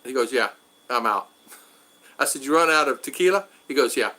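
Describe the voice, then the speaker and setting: A man's voice: mid-range voice, expressive, fairly quick, pushed and bright. A man hosting a casual livestream, chatting loosely with viewers by name and often repeating himself as he rambles. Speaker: livestream host reading chat. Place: home in the Philippines.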